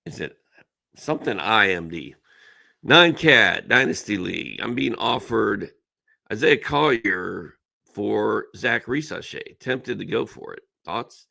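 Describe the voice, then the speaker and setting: A fantasy basketball analyst in middle age takes viewer questions on a casual live stream, reading each aloud and responding with blunt, emphatic advice. He speaks slowly and expressively in a fairly low, creaky, bright voice with a forceful tone.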